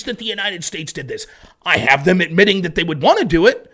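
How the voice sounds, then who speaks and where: A man's voice: sits high, lively intonation, a little fast, pushed and bright. A man hosting a casual political commentary livestream, sarcastic and exasperated, mocking his opponents in put-on voices and swearing freely.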